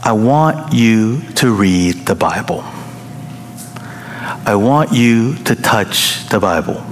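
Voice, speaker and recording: A middle-aged man preaching to his congregation, unhurried and easygoing, with frequent chuckles and jokes. His voice sits at an ordinary pitch and carries a long reverb from a large church hall, with a faint hiss underneath. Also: lively intonation. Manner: playful, joking, chuckles often. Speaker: pastor. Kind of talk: sermon.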